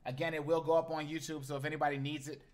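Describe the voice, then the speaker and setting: Animated slangy male streamer. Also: a little high, racing. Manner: animated, slangy, talks to chat. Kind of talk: casual live-stream chat.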